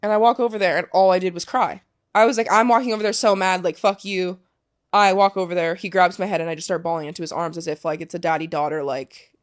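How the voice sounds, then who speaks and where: A woman's voice: on the low side, fairly even intonation, fast. A young woman, a professional soccer player, candidly telling a story in a casual interview, swearing freely and saying "like" a lot.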